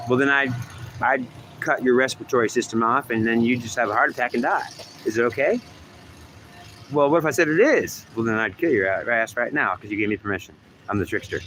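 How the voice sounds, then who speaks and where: Man, mid pitch, talking to himself in two sides of an argument; rambling, repetitive, profane. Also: a bit bright, a little hiss or hum. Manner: argues with himself, swearing and repeating. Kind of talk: rambling self-dialogue.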